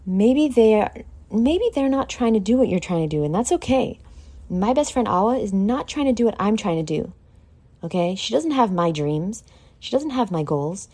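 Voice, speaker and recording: A woman's voice: medium pitch, sing-song, moderate pace, warm tone. A woman hosting a podcast, talking candidly and emotionally in a casual solo monologue, swearing freely. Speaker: podcast host.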